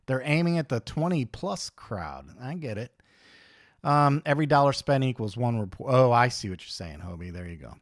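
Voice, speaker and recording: A man hosts a livestream in a loose, chatty way, blunt and joking as he rants between viewer comments. His voice sits at an everyday middle pitch. The sound is dry and close, with no room echo. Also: animated, normal speed. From United States. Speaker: livestream host. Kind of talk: casual livestream chat reading comments.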